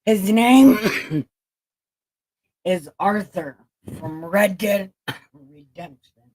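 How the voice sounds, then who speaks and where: A woman in her forties hosting a livestream in casual, joking chat, swearing freely and laughing often, with a flat, robotic-sounding voice. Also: mid-range voice, very slow, no echo, rough recording. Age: 40s. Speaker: livestream host.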